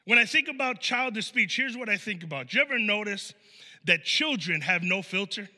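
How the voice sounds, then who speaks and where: A man preaching a conversational sermon as a pastor in a church, animated, with many casual fillers and acted-out quotes. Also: sits high, a little fast, long reverb tail. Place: church sanctuary.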